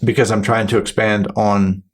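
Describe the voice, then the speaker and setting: Man, low-ish voice, rambling podcast host; casual, profane, restarts often. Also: little pitch movement, normal speed. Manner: rambling, restarts sentences, swears freely; acts out his partner's replies. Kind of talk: casual chat.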